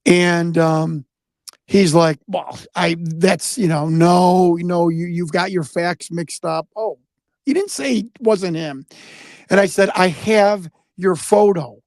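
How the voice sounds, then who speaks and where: A man's voice: sits high, slow pace, a little mellow, dry recording. An American man telling a story in a casual interview, rambling, repeating words and acting out the voices he quotes. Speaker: guest investigator.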